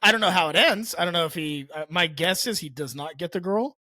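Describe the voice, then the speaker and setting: Male podcast co-host, slightly high voice, loose rambling delivery, dead-dry room. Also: fairly quick, pushed and bright, no room sound. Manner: rambling, restarts and chuckles mid-sentence. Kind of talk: casual movie chat.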